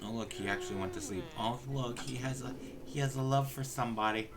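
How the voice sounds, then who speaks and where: A man's voice: mid-range voice, fast, a crowd in the background. A man streaming a life-sim game, talking to the characters in casual commentary and getting exasperated and profane with them.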